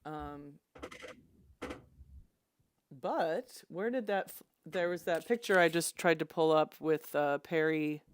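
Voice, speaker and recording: A woman hosting a fan livestream in casual chat, chatty and excitable. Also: lowish voice. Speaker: livestream host.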